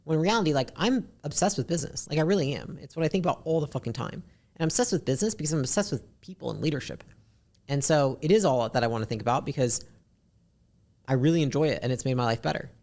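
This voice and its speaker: A woman with a deep, raspy voice, a podcast guest talking bluntly and candidly, swearing casually. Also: lively intonation, a little mellow. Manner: blunt, swears casually, talks fast in bursts.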